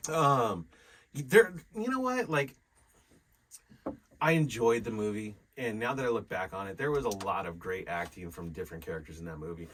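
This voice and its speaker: A man's voice: lowish voice, expressive, normal speed, a bit bright, a little hiss or hum, poor audio. A man in his forties, co-hosting a casual podcast, retelling a movie in a laid-back way with lots of fillers. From California. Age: 40s. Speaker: podcast co-host. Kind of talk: casual chat.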